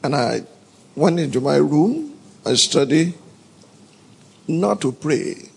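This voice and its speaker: A man's voice: on the high side, very animated, slow, gravelly, slightly rough. A man preaching a sermon, emphatic and calling out to the congregation for responses. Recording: long hall reverb.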